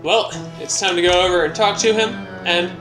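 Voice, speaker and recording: A young man hosts a laid-back gameplay commentary, rambling and poking fun at his own playing. His voice sits somewhat high, and clear game music plays behind him. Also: a little fast, rough recording. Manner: rambling, self-mocking and joking. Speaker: let's play host.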